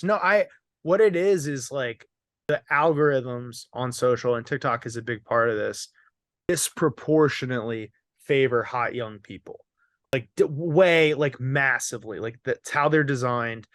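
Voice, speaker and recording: A young man chats casually on a comedy podcast, wandering through joking stories and laughing as he goes. His voice sits at an ordinary pitch. The recording is close and dry, with no room sound. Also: a bit bright, dry recording. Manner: joking, rambling storyteller, laughs often. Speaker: podcast host.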